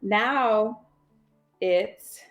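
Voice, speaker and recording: A woman's voice: mid-range voice, drawn-out words, fairly bright tone, dull audio, faint music behind. A woman co-hosting a livestream, casually retelling a horror episode with profanity and laughter. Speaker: co-host and storyteller. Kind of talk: casual comedic story retelling.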